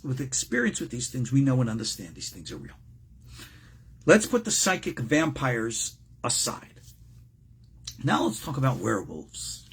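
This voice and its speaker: Older rabbi guy giving a class, raspy voice, swoopy and jokey the whole time. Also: medium pitch. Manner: animated and joking, with wide swings in tone and frequent asides. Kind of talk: informal religious lecture.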